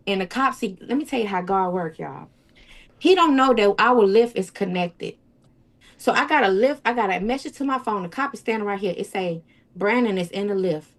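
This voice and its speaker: A woman, a guest recounting a painful personal story in a rambling, repetitive way. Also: fairly high pitch. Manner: rambling, repeats herself, acts out quoted speech. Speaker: interview guest. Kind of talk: emotional personal account.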